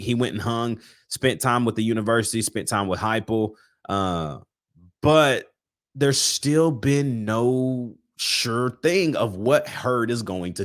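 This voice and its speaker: A man's voice: medium pitch, a bit bright. Man, sports talk host, casual solo chat, rambling, stumbles and repeats. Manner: rambling, repeats words, frustrated.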